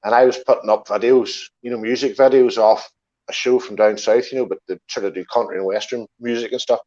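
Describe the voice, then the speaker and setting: A man's voice: medium pitch, fairly even intonation, a little fast, darkish tone, muffled recording. A man from Northern Ireland with a Northern Irish accent, chatting casually as a guest, using local words. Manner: chatty, uses local words like aye and wee. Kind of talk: casual chat.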